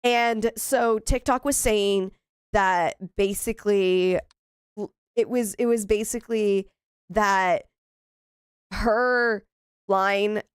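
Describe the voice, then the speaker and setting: A woman's voice: mid-range voice, fairly even intonation, takes it slowly, long pauses, smooth, dry recording, studio quality. A woman in her thirties chatting casually while playing a horror game, often exclaiming in frustration. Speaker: gaming streamer. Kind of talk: casual let's-play commentary.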